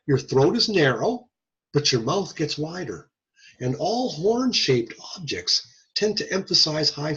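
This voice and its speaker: Lively husky male lecturer, lo-fi. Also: sits high. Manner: lively, talks to students with questions. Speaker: audiology lecturer. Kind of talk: recorded classroom lecture.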